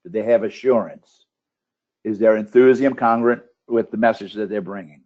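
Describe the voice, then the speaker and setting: A man with a somewhat low voice teaches a webinar for contest judges. He rattles off a steady string of questions about the speaker's delivery. The audio is muffled and lo-fi, as over a computer mic. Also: moderate pace. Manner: asks a string of checklist questions, with restarts. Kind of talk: instructional webinar talk. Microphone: computer microphone on a webinar call.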